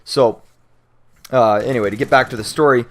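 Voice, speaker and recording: A young man from Canada casually telling a story to his viewers, animated and swearing freely, with plenty of fillers and restarts. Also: mid-range voice, moderate pace. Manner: animated, acts out shouting cops and panicked friends. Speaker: YouTuber answering viewer questions.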